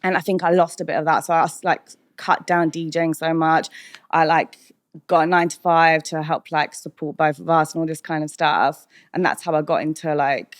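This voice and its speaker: A woman's voice: deep voice, fairly even intonation, normal speed, no room sound, clean studio sound. A British woman DJ talking candidly as a podcast guest, chatty and full of "like" and "um", laughing often. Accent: British English.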